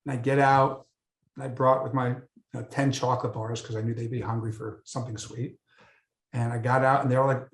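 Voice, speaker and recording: A man's voice: mid-range voice, a little fast. An American man, a guest photographer, telling stories in a casual interview and acting out the dialogue. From United States. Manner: animated storyteller, acts out dialogue. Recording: roomy echo.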